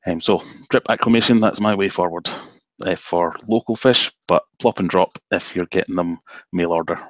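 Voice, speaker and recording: Deep-voiced Scottish man chatting on a stream. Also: moderate pace, no echo, muffled recording. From Scotland, south of Glasgow. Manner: relaxed, chatty, self-deprecating. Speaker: guest fishkeeper. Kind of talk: live stream chat. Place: home office. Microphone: video call.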